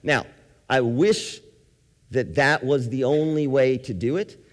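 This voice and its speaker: A man lectures as a psychologist, walking the audience through ideas with everyday examples and checking in with questions. His voice sits at a middle pitch and carries the long echo of a big presentation hall. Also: takes it slowly.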